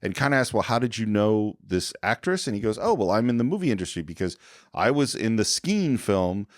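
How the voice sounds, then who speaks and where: Lively low-voiced man recapping a film. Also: brisk, dry recording, clean studio sound. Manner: retells scenes, briefly acting out the characters' lines. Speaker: podcast co-host. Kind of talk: casual film discussion.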